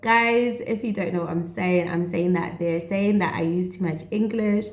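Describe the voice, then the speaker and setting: A woman's voice: lowish voice, fairly even intonation, moderate pace, roomy sound. A woman in her thirties with a Setswana accent, talking to camera in an earnest, chatty way as a mental health vlogger. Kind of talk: casual direct-to-camera talk.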